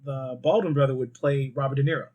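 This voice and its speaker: A man co-hosting a podcast, chatting casually and telling animated stories full of swearing and acted-out quotes. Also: medium pitch, fast talker. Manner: animated storyteller, swears freely, acts out quoted voices. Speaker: podcast co-host. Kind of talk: casual chat.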